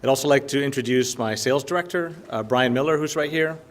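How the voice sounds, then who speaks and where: A man giving a business presentation to a lunch audience, talking in a casual, filler-heavy way and often checking in with "right?". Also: fast talker. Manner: filler-heavy, conversational pitch with frequent "um" and "right?". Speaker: company presenter.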